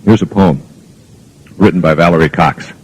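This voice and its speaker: A man's voice: sits low, normal speed, a little hiss or hum, poor audio. An older man from the United States giving a rambling, anecdotal motivational talk to an audience. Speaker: motivational speaker.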